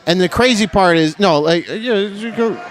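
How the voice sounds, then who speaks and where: A young comedian performs stand-up live, brash and vulgar, talking with the crowd and laughing at his own punchlines. His voice is high-pitched and his pace moderate.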